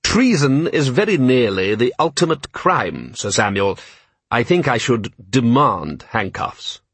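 A man voicing a calm, polite city ruler with a dry, ironic way of talking. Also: medium pitch, unhurried, slightly rough, no echo, exaggerated voice. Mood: wry.

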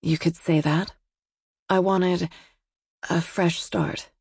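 A woman voicing a calm, wary young woman with a dry wit and a low, steady way of speaking, in an audiobook. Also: takes it slowly, breathy edge, no echo, full character voice. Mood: quiet. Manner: low, steady, quiet delivery.

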